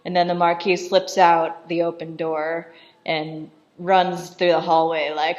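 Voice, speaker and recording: A woman's voice: fairly low pitch, little pitch movement, a little slow, a little mellow. A woman casually recapping a film in chatty commentary, saying "like" constantly and laughing often. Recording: dull lo-fi voice recording.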